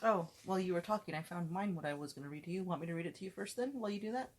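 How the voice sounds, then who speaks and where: A woman's voice: on the low side, lively intonation, racing, slight background noise. A young woman co-hosting a casual podcast, bantering in a teasing, affectionate way with her partner. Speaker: podcast co-host.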